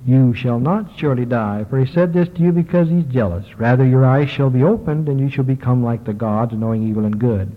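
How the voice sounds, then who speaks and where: A man's voice: medium pitch, a little fast, few pauses, close to an everyday voice. A man reading as the sly tempting serpent. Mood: persuasive. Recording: tinny lo-fi recording, long hall reverb.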